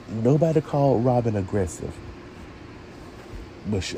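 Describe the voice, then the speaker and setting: A man's voice: on the low side, warm tone, slight background noise. A man reviewing a TV show in a sassy, opinionated rant, talking straight to his viewers.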